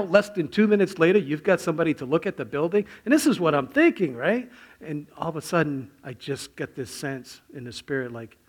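A middle-aged male pastor tells a personal story from the pulpit. His voice sits a little high for a man, and he drops to a hush for quotes and reflection, then breaks out loud on key phrases. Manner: storytelling, sudden swings from hushed to loud. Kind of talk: sermon.

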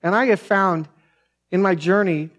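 A middle-aged man preaches in a casual, storytelling sermon style. He drifts into side points and keeps calling his listeners "man". His voice sits a little on the high side. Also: unhurried, a bit bright. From France. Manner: chatty, digressive, says "man" a lot. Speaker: pastor.

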